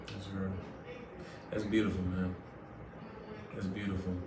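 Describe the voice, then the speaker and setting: A man hosts a casual faith podcast, earnest and affirming, often echoing key words back. His voice is low-pitched and completely flat, a touch slow. The sound is roomy, with the mic at a distance and faint noise.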